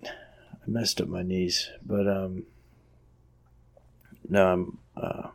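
A man with a very low, gravelly voice and a husky edge chats loosely on a podcast. He rambles, filling his talk with likes and restarts. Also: level tone, slow. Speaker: podcast co-host. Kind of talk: casual chat.

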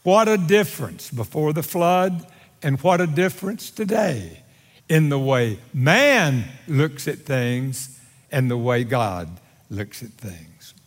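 A high-voiced male pastor preaches in a big, echoing sanctuary. His delivery is slow and dramatic, with wide swings up and down in pitch. He teases his listeners with wry humor. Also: animated. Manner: wry humor aimed at the congregation. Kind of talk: sermon. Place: church sanctuary. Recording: long hall reverb from a large sanctuary.

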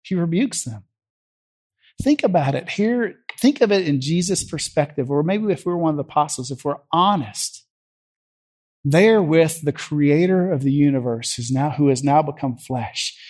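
A man delivers a sermon with a voice that sits slightly high for a man. He tells the scripture scenes as vivid stories and acts them out as he goes. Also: lively intonation, normal speed, darkish tone. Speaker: preacher.

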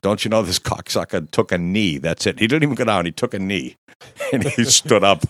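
Low-voiced man telling a profane story. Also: a little fast, dry recording, clean studio sound. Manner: profane, laughing, animated storytelling. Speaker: guest storyteller. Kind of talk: casual storytelling chat.

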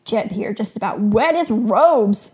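A woman's voice: a little high, lively intonation, measured pace, a little mellow, breathy edge, heavily acted. A woman voicing a good-natured, teasing male shepherd in a storybook reading. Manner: teasing, playful.

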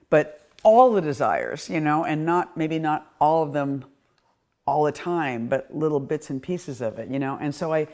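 A woman's voice: deep voice, darkish tone. A woman poet with a Boston accent, musing in an interview and declaiming her poems with rhetorical questions. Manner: musing, circling, frequent "you know?". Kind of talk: reflective interview talk and spoken-word poetry reading.

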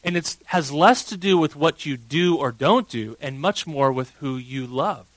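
A man in his thirties, a pastor preaching a sermon and telling a family story with big swings from hushed to loud. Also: on the high side, expressive, unhurried, dry recording, poor audio.

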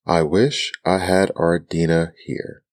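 A curious, polite young girl, softly put on by a man in a whispered role-play, earnest and gentle. The voice sits very deep and moves at an unhurried crawl, close and dry. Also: little pitch movement, no echo. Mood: eager.

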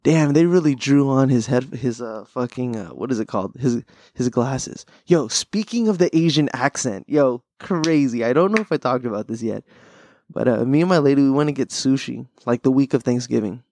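A man's voice: medium pitch, animated, normal speed, darkish tone, dry recording, clean studio sound. A young man hosting a podcast, chatting casually in a rambling, profane way, laughing often. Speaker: podcast host. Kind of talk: casual chat.

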